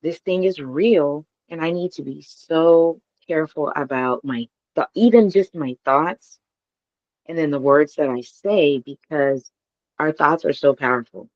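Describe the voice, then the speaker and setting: A woman sharing a personal spiritual testimony in a casual, emphatic, animated way. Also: low-pitched, measured pace, dry recording, dull audio. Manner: animated, emphatic, laughs often.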